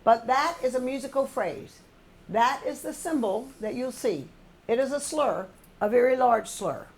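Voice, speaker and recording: A woman's voice: a little high, animated, unhurried, breathy edge. An older woman, a choir music director, patiently explaining musical phrasing to a singing class and humming short examples.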